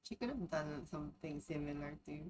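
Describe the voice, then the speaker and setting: A woman's voice: deep voice, expressive, brisk, darkish tone, poor audio. A woman streamer chatting casually, dropping laid-back interjections and blunt quips while reacting to a video.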